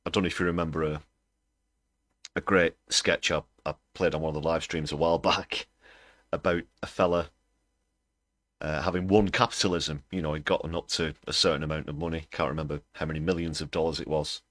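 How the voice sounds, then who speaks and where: Fairly quick and flat, a very deep-voiced man runs a political commentary livestream full of sarcastic contempt. His tone is a bit bright. It's a dry, close recording without any room sound.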